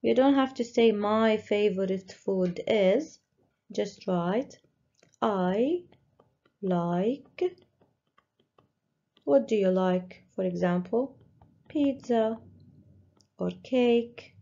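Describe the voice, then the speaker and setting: A woman teacher slowly walking young pupils through a worksheet, patiently stressing each word. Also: mid-range voice, warm tone. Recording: dull lo-fi recording.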